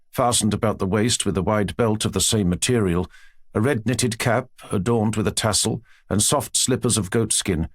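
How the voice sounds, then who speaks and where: A man reading an audiobook in a measured, expressive narrating style. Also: fairly low pitch, no echo, studio quality. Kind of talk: scripted narration.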